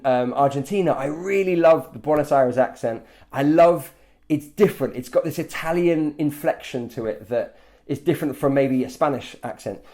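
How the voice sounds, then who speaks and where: A man who teaches English, chatting casually with many fillers and restarts. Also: fairly high pitch. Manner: relaxed, rambling with many fillers. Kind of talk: casual chat.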